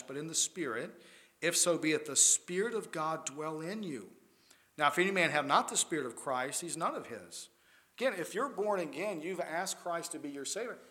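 Male preacher, higher-pitched voice, emphatic, loud-to-quiet sermon delivery.

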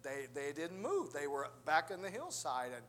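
Male preacher, slightly high voice, storytelling sermon with acted-out quotes. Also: big pitch swings, moderate pace, a bit bright, a little hiss or hum.

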